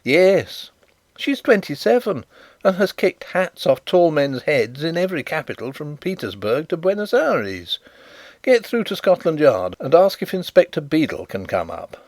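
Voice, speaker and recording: A man reading an audiobook, voicing a good-humoured, shrewd male detective with measured delivery. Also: on the high side, very animated, dry recording, pitched above the performer's own voice. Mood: brisk. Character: urbane blind male detective, genial and shrewd.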